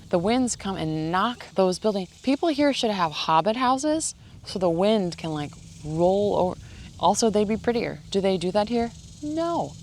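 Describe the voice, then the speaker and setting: A woman's voice: on the low side, slight background noise. A woman vlogging outdoors in the shade, ranting in a sarcastic, joking way. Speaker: ranch vlogger. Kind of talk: casual vlog monologue.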